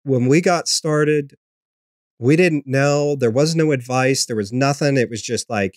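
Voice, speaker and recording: A man's voice: mid-range voice, a little slow, no echo, studio quality. Rambling, laid-back male podcast host. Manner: relaxed, rambling, frequent ums and restarts. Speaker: podcast host being interviewed. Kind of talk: casual conversational interview.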